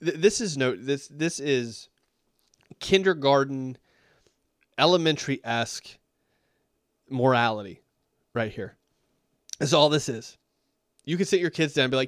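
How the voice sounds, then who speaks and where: A man's voice: high voice, big pitch swings, unhurried, pauses often, dry recording, clean studio sound. A man reviewing a sermon in a sarcastic, incredulous and rambling way. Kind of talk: critical commentary.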